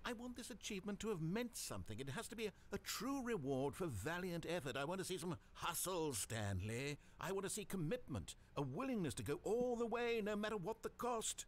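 A wry game narrator. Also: male voice, high-pitched, big pitch swings, brisk, hardly any pauses. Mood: mocking. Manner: dry and mocking. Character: wry, condescending male narrator, middle-aged.

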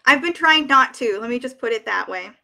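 A woman's voice: on the high side, lively intonation, fairly quick, vocal fry, pushed and bright. A young woman hosting a casual live stream, reading viewer comments aloud and chatting emotionally with many fillers. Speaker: wig shop ambassador hosting a live stream.

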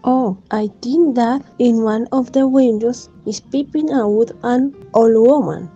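A woman's voice: a little high, unhurried, warm tone, breathy edge, faint music behind. A woman commenting on a story in scripted stage dialogue, sympathetic and wondering. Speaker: onstage commentator. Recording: dull lo-fi recording.

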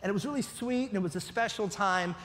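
A man's voice: high voice, fast, fairly bright tone. A man preaching a sermon as pastor, talking in a conversational way and often checking in with his listeners. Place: church hall. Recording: long reverb of a church hall.

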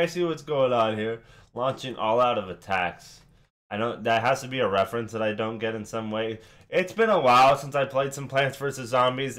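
Dude reacting to a rap battle, hyped, swears a lot, casual commentary. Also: male voice, medium pitch. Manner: excitable, swearing, hyping up lines. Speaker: reaction video host.

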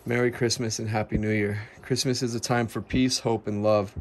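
A man's voice: fairly low pitch, little pitch movement, moderate pace. A man vlogging as he opens gifts from viewers, emotional and stammering, repeating his words as he reads a card aloud. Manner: emotional, voice breaking with gratitude. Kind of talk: casual to-camera vlog.

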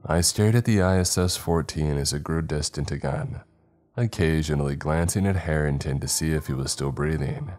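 A man reading a horror story aloud in calm, measured scripted narration. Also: extremely low pitch, faint music behind.

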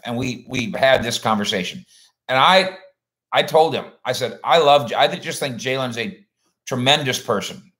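A man with a mid-range, slightly bright voice hosts a sports livestream, chatting casually in a rambling, folksy manner and reading out comments from viewers.

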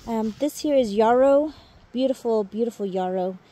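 Chatty woman touring her garden, slightly high voice. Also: normal speed. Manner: chatty, warm toward viewers, coos baby talk at her dogs. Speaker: gardening vlogger. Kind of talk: casual garden walk-through vlog. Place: outdoors in a home garden.

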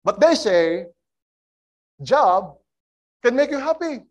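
A man preaching a sermon as a guest speaker, swinging between loud and soft and getting the congregation to join in. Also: high-pitched, very animated, slow, pauses often.

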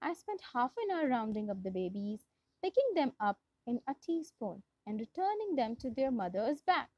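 A woman's voice: on the high side, very animated, moderate pace, no echo. A young woman with a Pakistani English accent, reading a storybook aloud to a class as their English teacher, often going back to restart a phrase. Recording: dull lo-fi dry recording.

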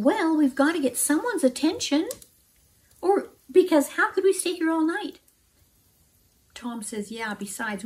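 A woman's voice: a little high, low-quality recording. Woman telling a children's story. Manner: asks listeners questions, acts out characters' shouts.

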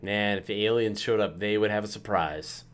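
A man's voice: on the low side, moderate pace, very noisy. A man hosting a casual movie-riffing chat, asking wry questions and laughing often. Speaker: host.

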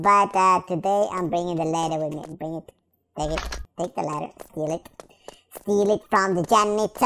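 A woman's voice: on the high side, noisy background. A woman voicing a goofy, childish baby hedgehog while commenting on a game, full of silly rhymes, made-up sound effects and sudden yelps. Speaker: gameplay commentator in character.

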